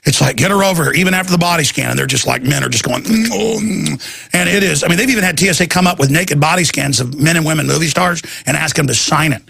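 A man hosting a talk show rambles through a story, acting out the voices of everyone he quotes. His voice is gravelly, raspy and sharp-edged, and it sounds close and dry. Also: a little high, fast talker, few pauses, no echo. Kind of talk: rambling talk-radio rant.

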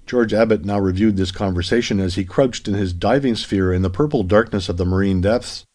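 A man narrates an audiobook in a steady, even manner. His voice sits somewhat low. He reads a printed story aloud. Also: a little fast, hardly any pauses.

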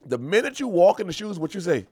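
A man's voice: high-pitched, very animated, quick pace, a little mellow, husky, dry recording, clean studio sound. A man giving a comic, preachy lecture with emphatic repetitions, like a mock sermon.

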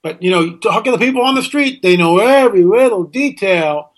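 A man's voice: high-pitched, expressive, a little fast. A middle-aged American man hosting a radio talk show, ranting indignantly and firing off rhetorical questions. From United States. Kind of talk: opinionated radio monologue.

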